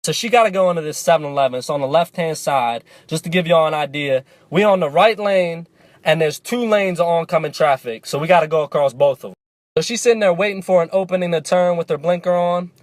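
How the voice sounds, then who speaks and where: Animated, profane young-sounding male storyteller. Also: fairly high pitch, dry recording. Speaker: vlogger. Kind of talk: casual storytelling to camera.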